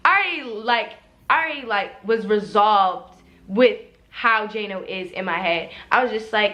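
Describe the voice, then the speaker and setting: A woman's voice: fairly high pitch, normal speed, sharp tone. A young woman heatedly retelling a personal story, swearing and quoting what others said.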